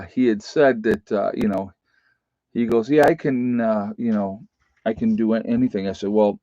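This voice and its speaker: Man, middle-aged, low pitch, rambling folksy chat, dry, muffled lo-fi sound. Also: dark tone, a little hiss or hum. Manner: rambling, folksy, many fillers. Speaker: livestream host. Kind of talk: casual live-stream chat. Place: rural home. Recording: dull lo-fi stream audio.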